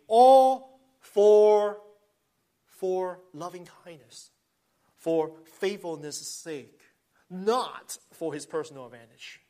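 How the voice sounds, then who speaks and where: A man's voice: sits high, mellow. A man preaching a sermon, earnest, swelling with emphasis and often restarting phrases. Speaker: pastor.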